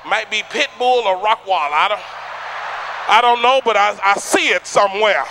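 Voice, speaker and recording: A man doing a stand-up comedy routine on a theater stage, loud and rowdy, shouting punchlines at the crowd. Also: sits high, moderate pace, noisy background.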